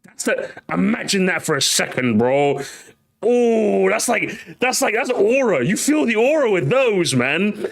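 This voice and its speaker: A man's voice: high voice, big pitch swings, measured pace, creaky. A young man, chatting casually to his livestream viewers, ranting, swearing and laughing as he talks. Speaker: streamer.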